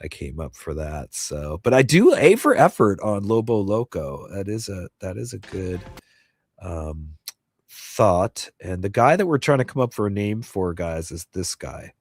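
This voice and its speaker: A man's voice: sits low, big pitch swings, measured pace, slightly rough, no echo. A middle-aged man hosting a casual livestream chat from home, rambling with many fillers and restarts and reading chat messages aloud. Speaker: host.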